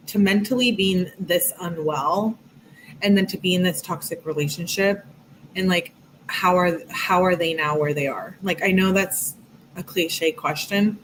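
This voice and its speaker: A woman with a somewhat low voice reads text messages out loud, one after another. Between them she muses on what she has read in a loose, chatty way, full of "like" and "um". A faint background hum sits under her voice. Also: poor audio. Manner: chatty, reflective, many fillers like "like" and "um". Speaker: true crime commentator. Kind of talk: reading text messages aloud with casual commentary.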